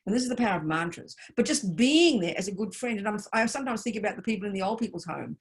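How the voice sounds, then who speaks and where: A woman's voice: medium pitch, lively intonation, quick pace. Emphatic woman Buddhist teacher. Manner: emphatic and direct, addressing listeners personally. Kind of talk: online teaching talk.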